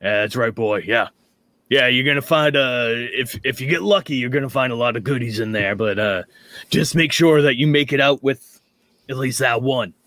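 A man playing a sly, grizzled fixer with a half-working mouth, in a drawling, lower voice. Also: moderate pace, fairly bright tone, no room sound, natural voice.

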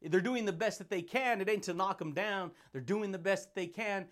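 A man's voice: high voice, normal speed. A man hosting a podcast, giving a hyped motivational monologue full of slang, repeated catchphrases and frequent laughs. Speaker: podcast host.

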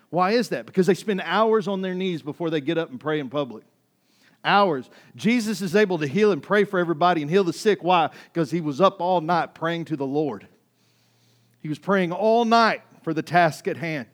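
Animated preaching man, fairly high voice. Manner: conversational, animated preaching with rising intensity. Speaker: pastor. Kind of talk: sermon.

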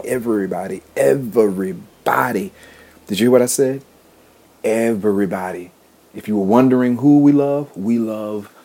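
With a lowish, dark voice that has a breathy edge, a man who hosts a podcast and preaches leads affirmations in a motivational sermon. He repeats phrases with rhythm and emphasis.

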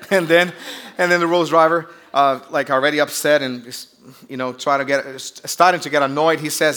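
Brief: Brazilian-accented male pastor, bright, fairly high voice, jokey sermon delivery. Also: fairly even intonation, normal speed. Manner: chatty, joking storyteller with audience call-outs.

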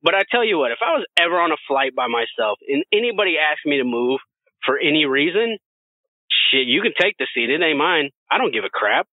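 Animated, profane man telling a story. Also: on the high side, fairly quick, dry recording. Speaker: podcast co-host. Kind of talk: casual storytelling chat. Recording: dry, phone-like narrow sound.

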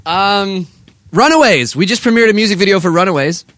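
A man's voice: sits high, sing-song, racing, fairly bright tone, no echo, clean studio sound. A man in a backstage dressing room, joking and teasing his bandmate in casual banter. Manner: joking, teasing, laughs often. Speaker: band member hosting a backstage chat.

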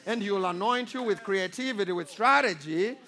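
High-voiced pastor preaching. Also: male voice, expressive, brisk. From Zimbabwe. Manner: preaching with rising calls for amen and audience response; swings from loud exhortation to quiet storytelling. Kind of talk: sermon.

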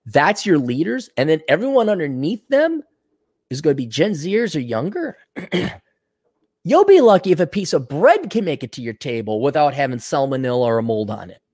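An older man hosting a podcast while sick, clearing his throat often, ranting sarcastically and profanely and reading out donor messages. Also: a little high, sing-song, normal speed, a little mellow, no echo, clean studio sound. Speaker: podcast host. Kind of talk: casual ranting monologue.

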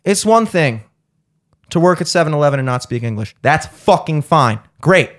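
A man with a notably high voice for a man rants through a story on a podcast. He is heated and profane, mocking the people in his story as he goes. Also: animated, normal speed. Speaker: podcast host.

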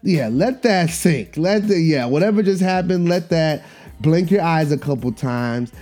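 A podcast host tells a story in a relaxed, slangy monologue, circling back and repeating his points. His pitch rises and falls widely as he talks. His voice has a warm, mellow tone. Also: unhurried, soft background music. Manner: animated, repetitive, slangy.

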